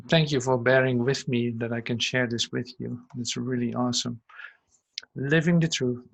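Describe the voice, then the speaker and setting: A man teaching an online spiritual class, reading passages aloud and reflecting on them gently. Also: medium pitch.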